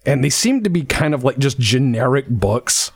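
A man's voice: medium pitch, no room sound. A man narrating a tabletop game as game master, casual and full of restarts. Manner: relaxed, halting, lots of restarts.

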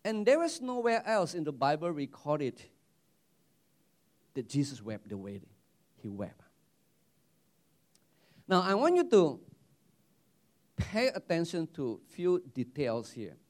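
A man preaching a sermon as pastor, animated, repeating words and restarting his phrases. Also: a little high, takes it slowly, long pauses.

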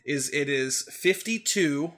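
A man's voice: on the high side, slow pace. A young man in his twenties co-hosting a casual podcast, telling a funny story and laughing as he goes. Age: 20s. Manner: animated, laughs through his stories. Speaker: podcast co-host.

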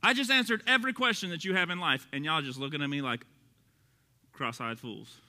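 A man's voice: on the high side, fairly quick, sharp tone, big-room sound. A man with a Texas accent preaching a sermon as pastor, in a passionate, conversational way that rises in emphasis. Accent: Texan.

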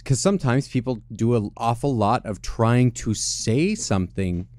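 A man's voice: mid-range voice, lively intonation, darkish tone, no echo. A man co-hosting a casual podcast, explaining his view carefully and checking with the others. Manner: measured, explains carefully with many "right?" checks. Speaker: podcast co-host. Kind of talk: casual chat.

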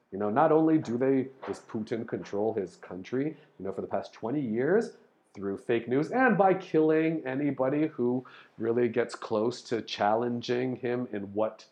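A man hosting a casual explanatory monologue, rambling through ideas, spelling out words and filling pauses with ums and restarts. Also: mid-range voice, a little mellow. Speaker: host explaining topics to listeners.

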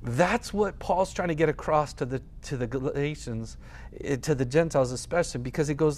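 A man's voice: fairly high pitch, animated, normal speed. A male pastor giving a sermon, reading scripture and then telling a story in a conversational way with frequent fillers and restarts.

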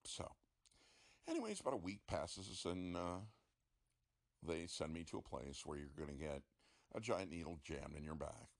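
Middle-aged man, deep and gravelly, dry sarcastic storyteller with lively ups and downs. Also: normal speed, pauses often. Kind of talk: casual storytelling monologue.

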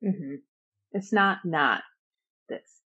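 A woman cohosting a podcast, chiming in with wry, deadpan remarks in casual chat. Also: lowish voice, extremely slow, slightly rough, dull audio.

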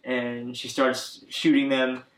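A man chats casually, rambling through his thoughts with plenty of fillers and restarts. His voice sits at an ordinary middle pitch. The room around him is noticeably echoey. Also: completely flat delivery, slow pace, a bit bright. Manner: rambling, many fillers, acts out characters' lines. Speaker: podcast co-host recapping a video game. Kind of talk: casual chat.

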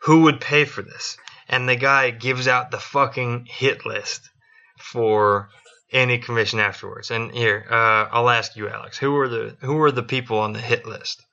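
A man's voice: medium pitch, fairly even intonation, moderate pace, bright, forceful tone. A man telling a history story on a casual podcast, swearing often and acting out quotes. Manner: profane, joking, acts out quotes. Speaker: podcast co-host. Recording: dull lo-fi recording.

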